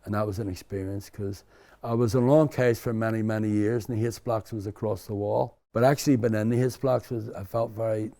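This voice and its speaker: A man's voice: fairly low pitch, steady tone, fairly quick, vocal fry, warm tone. An older man from Belfast with a Belfast accent, telling his story as an interview guest in a rambling, candid way. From Belfast, Northern Ireland. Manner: rambling, frequent restarts and "you know".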